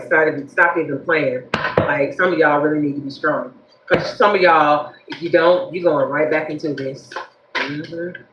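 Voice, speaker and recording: A woman giving a livestreamed tarot reading, speaking straight to her viewers in a lively, preachy way. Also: low-pitched, measured pace, reverberant, dull audio, noisy background. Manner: animated, preachy, addresses viewers directly. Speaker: tarot reader.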